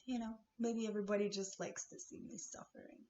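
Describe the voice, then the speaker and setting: A woman from Kahnawake speaks straight to her viewers in a raw, swearing spiritual rant. She jumps from loud outbursts to hushed, breathy asides. The sound is roomy and a little muffled, with a faint hiss underneath. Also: mid-range voice, level tone, a little fast. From Kahnawake, Canada. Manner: fiery, swearing, swings between shouting and whispering. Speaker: vlogger. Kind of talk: emotional spiritual rant to camera. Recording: echoey dull-sounding room with faint hiss.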